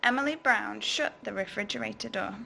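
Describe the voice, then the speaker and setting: Woman teacher, storybook reading for kids; bright, gravelly, very slow. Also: on the high side, slight background noise. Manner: expressive, slow, asks children questions.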